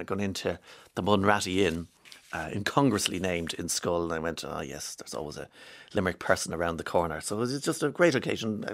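This man's voice sits on the low side and is a bit bright, carrying an Irish accent from County Monaghan. He's a radio host doing casual morning chat at a studio microphone. He rambles and chats, reading out texts sent in by listeners.

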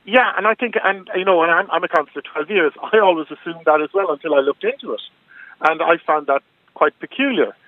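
An Irish man, a local councillor, explaining things in a measured way on a radio phone-in. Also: a little high, no echo. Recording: dry tinny phone line.

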